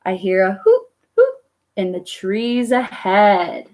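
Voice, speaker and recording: A woman's voice: medium pitch, wildly swooping pitch, slow pace, a little mellow. A woman voicing a big, hungry, gullible male monster in a storybook reading. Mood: amazed.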